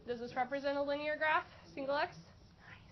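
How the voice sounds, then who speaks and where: Woman math teacher in class, bright high voice, muffled recording. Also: fairly even intonation, fairly quick. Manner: questioning, encouraging students. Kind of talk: classroom lesson. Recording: dull lo-fi classroom recording with faint noise.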